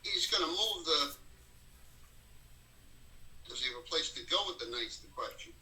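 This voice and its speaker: A man's voice: a little high, expressive, moderate pace, sharp tone. A man answering questions as a chess student, hesitant and brief, heard with room echo from a distance. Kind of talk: answering in a lesson.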